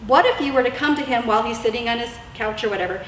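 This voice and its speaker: A woman's voice: a little high, very fast. A woman giving casual, earnest marriage advice to wives, with lots of fillers and restarts. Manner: chatty and earnest, many fillers and repeated words. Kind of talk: casual instructional talk. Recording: echoey room, mic at a distance, faint hiss.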